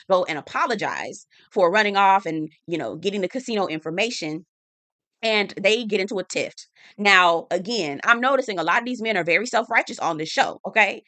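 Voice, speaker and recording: A woman chatting through a casual TV episode recap, animated and slangy with sassy asides. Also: mid-range voice, no echo. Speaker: TV recap host.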